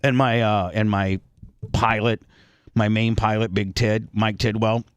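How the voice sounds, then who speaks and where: A man's voice: lowish voice, measured pace, clear, resonant tone, no room sound. Rambling man spinning a crude story. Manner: rambling, animated, crude slang. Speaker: radio show host. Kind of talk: casual storytelling on talk radio.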